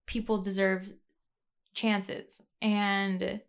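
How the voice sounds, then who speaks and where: A woman's voice: medium pitch, flat delivery, very slow, smooth. Young woman, podcast host, unscripted and reflective, many fillers and restarts, mid-range voice. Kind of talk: casual personal monologue. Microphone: plugged-in podcast mic.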